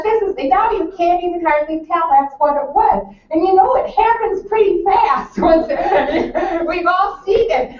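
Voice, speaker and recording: Gushing woman presenter in an echoey hall. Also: very high-pitched. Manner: animated, gushing, laughs often. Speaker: presenter recommending children's books. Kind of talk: enthusiastic book talk to an audience. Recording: echoey hall from far off, dull lo-fi.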